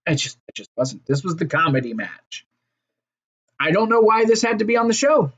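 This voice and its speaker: A man's voice: sits high, very animated, moderate pace, a bit bright, breathy edge. Profane rambling man reviewing wrestling. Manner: profane, rambling, fillers and restarts. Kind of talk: casual solo review.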